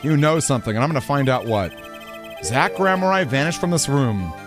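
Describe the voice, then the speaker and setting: A man doing a low, dry young lawyer. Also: brisk, soft background music, lightly acted. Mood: probing. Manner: low, flat and insistent questioning. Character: young male defense attorney, probing and dry.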